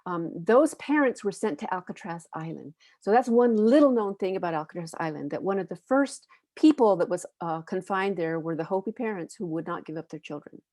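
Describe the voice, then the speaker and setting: A woman from the United States speaks on a panel about children's books, reflective and earnest, stopping now and then to find the right word. Her voice sits a bit low, and the sound is dry and close with no room echo. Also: animated, brisk, few pauses, a little mellow. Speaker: panelist and educator.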